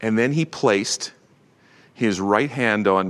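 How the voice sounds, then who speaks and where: A man preaching a sermon with animated delivery, swinging from loud proclamation to hushed tones. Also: lowish voice, takes it slowly, in a large hall. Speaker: pastor.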